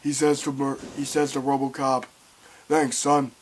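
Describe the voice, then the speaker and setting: A young man giving a casual film review, excitable and swearing, acting out scenes loudly. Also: medium pitch, fairly quick.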